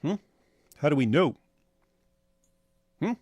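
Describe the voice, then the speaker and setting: A man's voice: on the high side, expressive, takes it slowly, darkish tone, no room sound, studio quality. A man co-hosting a casual livestream, reading viewer messages aloud and answering them with sarcastic, mocking asides. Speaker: livestream co-host reading super chats.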